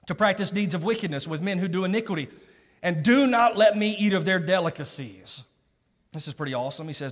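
A man's voice: a little high, lively intonation, brisk. Man preaching a joking sermon in a reverberant hall. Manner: conversational, joking asides to the congregation. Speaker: pastor. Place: church sanctuary.

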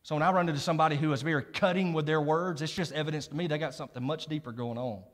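A man's voice: a little high, fairly even intonation, rapid-fire. Man preaching a joking sermon in a reverberant hall. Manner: conversational, joking asides to the congregation. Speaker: pastor. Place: church sanctuary.

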